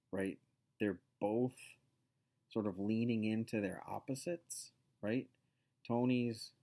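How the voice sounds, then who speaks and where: A man's voice: deep voice, darkish tone. A man hosting a casual show, talking through a sitcom episode in a loose, rambling way full of fillers and asides. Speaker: podcast host.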